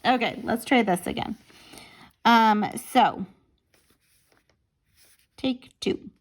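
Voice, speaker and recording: A woman, tired and a little out of breath, slowly explaining a math lesson step by step with fillers. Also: a little high. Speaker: math teacher.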